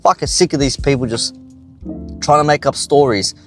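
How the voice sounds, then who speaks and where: A man's voice: medium pitch, moderate pace, faint music behind. An Australian man delivering an angry, profane ranting commentary.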